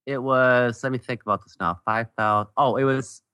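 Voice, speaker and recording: A man in his forties, a podcast guest, telling a story about his early mistakes with animated, self-mocking humor. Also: medium pitch, moderate pace, clean tone, dry recording, studio quality. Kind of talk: casual storytelling.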